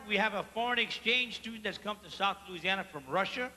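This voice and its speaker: A man with a Cajun accent doing live stand-up storytelling on a theater stage, loud and animated as he acts out the people in his jokes. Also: sits high, moderate pace, over music, a crowd in the background. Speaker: stand-up comedian. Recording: long reverb of a live theater hall.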